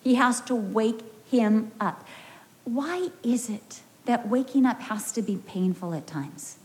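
A woman's voice: a little high, animated, slow, darkish tone. An American woman preaching a sermon in an emphatic, storytelling way with humorous asides. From United States.

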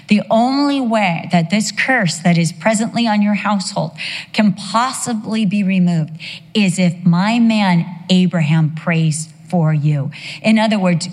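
A woman's voice: mid-range voice, a little mellow. A middle-aged woman pastor preaching a sermon with humor, acting out the voices in her stories. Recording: long reverb of a large hall.

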